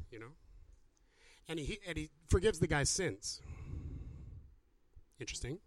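A man preaching and answering questions, animated and acting out the people he quotes. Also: high-pitched, a little slow, long pauses, no echo. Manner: animated, acts out quoted voices. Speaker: pastor. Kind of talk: sermon with Q&A.

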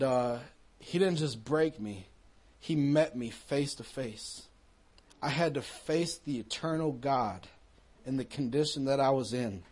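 A man's voice: fairly high pitch, a little mellow. A man giving an earnest personal testimony in a conversational storytelling way, speaking to a young audience.

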